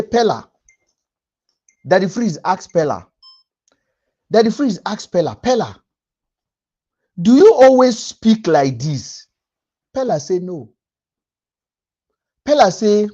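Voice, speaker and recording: A man's voice: high voice, darkish tone, dull audio. A young man with a Nigerian Pidgin English accent hosting a livestream rant, emphatic and repeating lines for effect. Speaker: livestream host.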